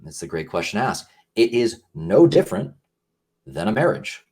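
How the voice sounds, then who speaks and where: A man's voice: on the low side, very animated, moderate pace, a little mellow, breathy edge. A man talking earnestly as a podcast guest, casual and rambling, with many fillers and restarts.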